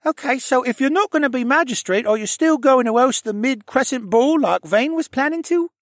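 A man voicing an excitable, cheeky teenage boy in an audiobook. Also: extremely high pitch, fairly quick, no echo, clean studio sound, voice pushed up. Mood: eager. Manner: excitable, whiny when pinned.

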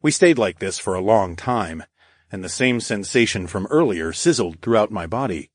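Guy reading a story out loud, lively up and down voice, dry close mic. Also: fairly low pitch, moderate pace, dry recording. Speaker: audiobook narrator. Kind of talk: scripted first-person narration.

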